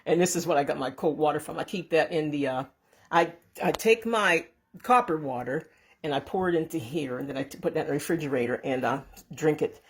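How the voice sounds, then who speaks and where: A home cooking and canning channel host walks viewers through a kitchen recipe in a casual how-to vlog, filming on a handheld phone camera. Her low voice moves briskly, chatty and rambling with frequent restarts and self-corrections. She's warm throughout and sends blessings to those watching.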